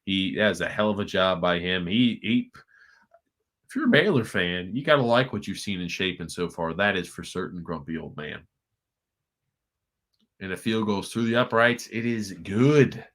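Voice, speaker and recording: Excitable male sports stream co-host. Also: low voice, normal speed. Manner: excitable, emphatic, with repeated restarts. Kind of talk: casual sports commentary chat.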